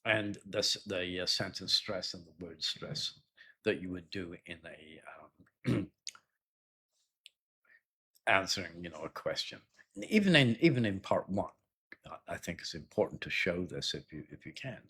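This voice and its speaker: A man teaching an exam-prep lesson in a loose, conversational way, often clearing his throat and repeating words. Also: low voice, lively intonation, measured pace, pauses often, bright, forceful tone, a little hiss or hum. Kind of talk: explanatory spoken lesson.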